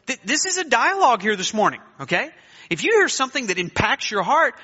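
Emphatic high-voiced preacher in an echoey hall. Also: male voice, big pitch swings, pushed and bright. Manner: emphatic, dramatic pauses, urging the congregation to respond aloud. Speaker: pastor. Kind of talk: sermon. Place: church sanctuary. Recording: echoey hall, dull lo-fi sound.

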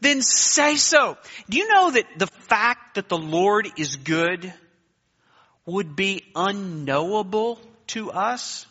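A bright, high-pitched male preacher delivering a sermon with lively swings in his voice. He talks emphatically, pausing for weight and calling on the congregation to say it back. The sound is dull and lo-fi, ringing in a long church reverb. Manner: emphatic, dramatic pauses, urging the congregation to respond aloud. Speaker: pastor. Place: church sanctuary. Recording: echoey hall, dull lo-fi sound.

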